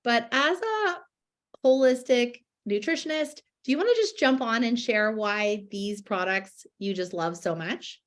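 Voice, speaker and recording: Woman host, bright-toned and chatty, on the higher side, live stream. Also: unhurried. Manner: upbeat, chatty, many fillers. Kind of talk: casual chat on a live stream.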